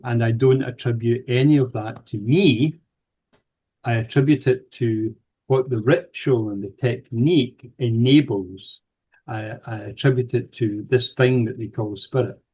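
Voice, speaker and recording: Scottish man telling stories, lo-fi sound. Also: mid-range voice. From Scotland. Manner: hesitant, many fillers, acts out quoted voices. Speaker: paranormal researcher guest. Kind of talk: storytelling interview. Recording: dull lo-fi sound.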